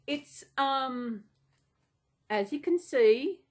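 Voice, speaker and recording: A woman's voice: on the high side, a little slow. A woman chatting casually and unplanned in a vlog, rambling and gushing with gasps and restarts. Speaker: vlogger.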